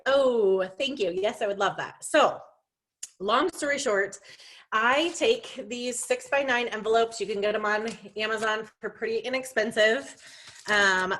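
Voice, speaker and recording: This young woman's voice is a little high and fairly bright. She's leading a relaxed, talkative sales team training on a video call, peppering it with fillers, restarts and self-deprecating jokes.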